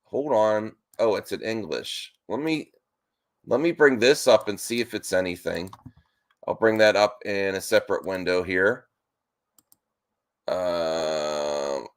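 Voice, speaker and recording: A man hosting a live stream reaction, excited and worked up, often stopping himself mid-sentence. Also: medium pitch. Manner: excited, restless, keeps interrupting himself. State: nervous and worked up.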